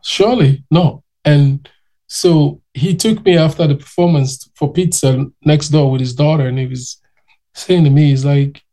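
Brief: male interview guest, lively storyteller, gravelly and mellow, voice sits a bit high. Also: moderate pace. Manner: animated, acts out quoted people's voices. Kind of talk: casual anecdotal storytelling.

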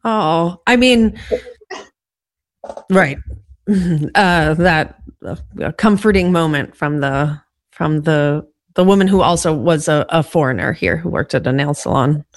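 A woman's voice: low-pitched, takes it slowly, no room sound. A woman hosting a podcast interview, asking curious, conversational questions. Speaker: podcast host.

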